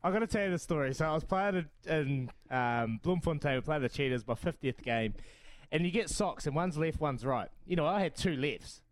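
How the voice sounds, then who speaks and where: A bantering New Zealand man hosting sports radio from the studio, quick to laugh and lean on "mate". His voice sits a touch high for a man. He keeps the chat loose and playful. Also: animated, a little hiss or hum. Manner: jokey, laughs often, says mate a lot. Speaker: radio sports show host.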